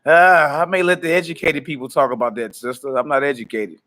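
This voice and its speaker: A man's voice: fairly high pitch, fairly even intonation, a little fast, bright, forceful tone. A man hosting a casual ministry livestream, greeting viewers by name, hyping them up and laughing often. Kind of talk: casual livestream chat before prayer.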